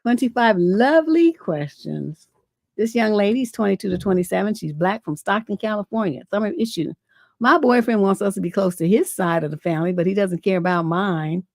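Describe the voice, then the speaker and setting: A woman's voice: medium pitch, fast talker, creaky, no echo, clean studio sound. A middle-aged woman hosting a relationship advice livestream, talking in a blunt, profane, rambling way full of fillers, and reading viewer letters aloud. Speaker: relationship coach and livestream host.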